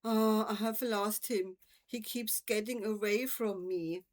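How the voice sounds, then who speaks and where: A woman's voice: a little high, fairly even intonation, slow pace, a little mellow, voice pushed up. A woman voicing a nervous, tearful young boy who has lost his toad, speaking miserably in a storybook reading. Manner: wailing, miserable.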